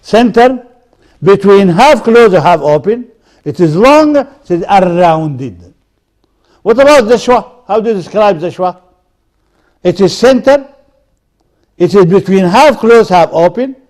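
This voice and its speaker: Male professor, high voice, unhurried lecture delivery, repeats each word. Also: expressive, darkish tone. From Sudan. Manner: deliberate, drills example words one by one. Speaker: university lecturer. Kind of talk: recorded university lecture.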